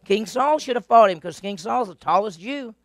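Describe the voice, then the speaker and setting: High-voiced and speaking at a moderate pace with no room sound, this man leads a Bible class as an animated storyteller. He asks his listeners questions and performs the characters' voices.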